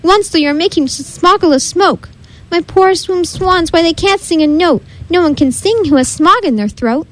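Woman doing the Lorax, a croaky scold. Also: very high-pitched, moderate pace, voice pushed up. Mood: sad. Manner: querulous, croaking, snapping rebukes. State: coughing, sniffling. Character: grumpy small male forest creature, scolding. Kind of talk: storybook read-aloud.

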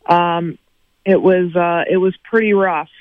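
A high-pitched man calls in as the podcast's remote correspondent, rambling through a casual sports recap with plenty of fillers. His audio is dry and dull, like a lo-fi remote line. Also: steady tone, a little slow, no echo, faint music behind. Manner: chatty, many fillers.

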